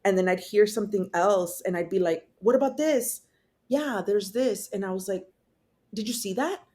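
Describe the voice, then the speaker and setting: A woman's voice: mid-range voice, moderate pace, mellow. A young woman, a podcast guest, telling her personal story in a candid, casual way with swearing, fillers and restarts.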